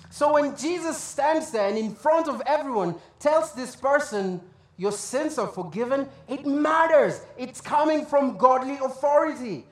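Pastor, sermon, conversational, acts out quotes, mid pitch, echoey church hall. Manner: conversational preaching with asides and acted quotes. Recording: echoey room.

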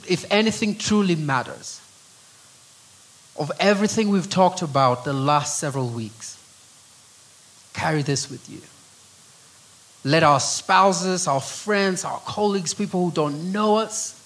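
A middle-aged Kenyan man preaches with earnest conviction in a slightly high voice. He often sinks into a hushed, soft tone to press his points home. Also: animated, takes it slowly, pauses often, rough recording. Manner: earnest, drops to a hushed voice on key phrases. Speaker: pastor. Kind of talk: sermon.

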